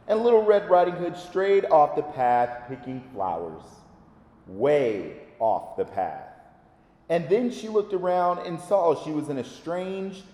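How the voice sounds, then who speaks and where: Expressive man reading a storybook. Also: fairly high pitch. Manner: gentle, expressive. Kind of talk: storybook read-aloud. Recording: echoey reverberant room.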